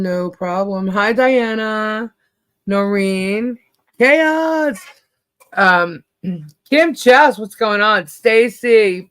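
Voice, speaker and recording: A woman's voice: medium pitch, a bit bright. A woman hosting a casual livestream chat. She greets viewers by name, laughs often and is losing her voice. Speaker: livestream host.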